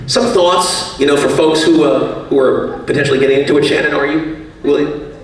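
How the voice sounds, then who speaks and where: A man's voice: on the high side, fairly even intonation, normal speed, recorded from a distance. Joking man speaking in an echoey hall. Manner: self-mocking, jokey storytelling. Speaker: banquet speaker, radio executive. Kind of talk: after-dinner speech with anecdotes. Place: banquet hall.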